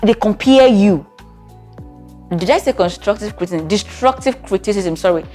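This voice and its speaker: A woman's voice: mid-range voice, animated, normal speed, warm tone, soft background music. A woman, a therapist giving relationship advice to camera in a conversational way, often checking in with the listener. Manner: conversational, with frequent rhetorical check-ins. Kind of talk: talking-to-camera advice video.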